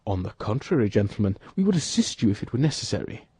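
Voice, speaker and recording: A man reading an audiobook, voicing a bold, quick-witted young male musketeer who talks in a commanding, brisk way. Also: lowish voice, big pitch swings, mellow, breathy edge, no echo, heavily acted.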